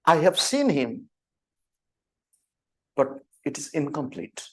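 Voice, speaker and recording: A man in his fifties, a spiritual teacher telling stories slowly and deliberately, repeating words for emphasis. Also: on the high side, sing-song. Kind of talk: storytelling spiritual talk.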